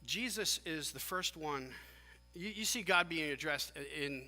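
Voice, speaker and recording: Man, pastor, animated sermon, very bright tone, slightly high voice, long church reverb. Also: unhurried, faint music behind. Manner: animated, emphatic preaching with many restarts. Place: church sanctuary.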